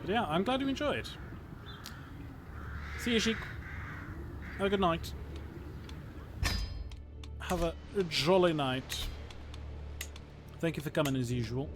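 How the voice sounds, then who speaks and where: A man's voice: a little high, sing-song, normal speed, pauses often, over music. A man in his thirties from Portugal, a native Portuguese speaker with a British-sounding English accent, chatting articulately with viewers while playing a strategy game. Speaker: historian streaming a strategy game. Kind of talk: casual livestream chat and game commentary.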